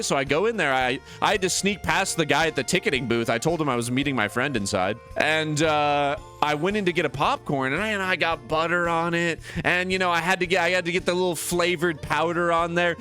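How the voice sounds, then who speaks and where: Animated young man telling a story. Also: a little high, fairly quick, faint music behind. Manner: animated, many "like" fillers, acts out other voices. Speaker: streamer. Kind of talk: casual storytelling.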